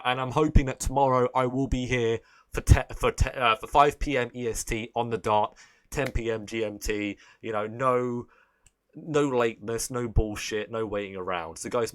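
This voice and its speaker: A man's voice: medium pitch, moderate pace, fairly bright tone. Joking, foul-mouthed man streaming. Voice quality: profane, joking, rambling. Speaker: live-stream host. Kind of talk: casual live-stream commentary.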